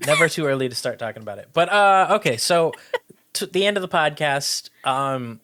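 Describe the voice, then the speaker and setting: A man hosting a podcast from home, talking in a rambling way with frequent laughs and halting restarts. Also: fairly high pitch, animated, fairly bright tone. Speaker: podcast host. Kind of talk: casual chat. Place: home, remote recording.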